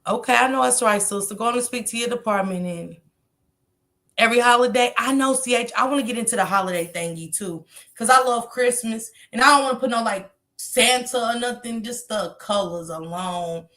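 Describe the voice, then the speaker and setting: Gravelly, bright-voiced woman livestreamer. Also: a little high, a little fast. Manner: slangy, salty, swears freely, laughs often. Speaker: livestream host. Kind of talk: casual livestream chat, reading comments aloud.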